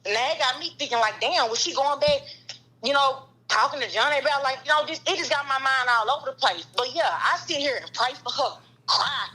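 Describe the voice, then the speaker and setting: A woman's voice: high voice, fairly quick, bright, forceful tone, husky, poor audio. A woman in her thirties confronting a friend in a heated podcast argument, angry and profane. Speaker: guest.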